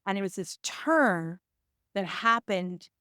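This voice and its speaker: A woman tells a personal story in a smooth, resonant voice. She talks emphatically and restarts her sentences often. The sound is dry and close. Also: medium pitch, animated, slow, pushed and bright, dry recording. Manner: emphatic, with frequent restarts and reenacted quotes. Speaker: actor and producer, podcast guest. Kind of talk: candid conversational storytelling.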